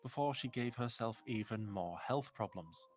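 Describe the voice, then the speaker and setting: A man doing scripted documentary-style narration in a measured, storytelling way. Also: medium pitch.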